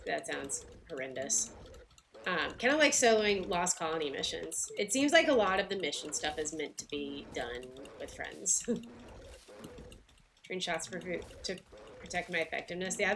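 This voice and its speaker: Southern lady streamer, gravelly fry in her voice, just chatting with chat, bit of faint hiss. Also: fairly low pitch, expressive, normal speed, fairly bright tone. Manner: chatty, talks to viewers by name, laughs often. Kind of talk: casual livestream chat while playing.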